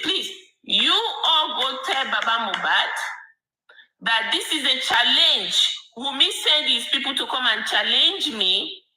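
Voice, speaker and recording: A woman commentator in a heated late-night rant, hammering each point and repeating herself. Her voice sits high and very bright, swinging widely as she presses on. The room around her rings with echo. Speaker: online commentator.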